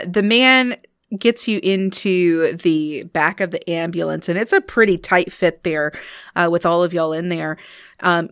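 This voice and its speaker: A woman narrating a tabletop game as game master, casual with many fillers and slowing on details. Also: on the low side, a bit bright, dry recording, studio quality.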